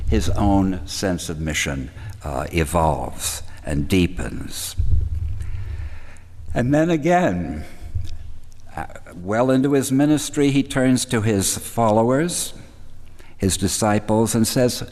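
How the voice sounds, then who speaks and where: A man giving a reflective sermon, thoughtful and measured, pausing and restarting as he thinks aloud. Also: deep voice, animated, darkish tone. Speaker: preacher. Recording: long hall reverb.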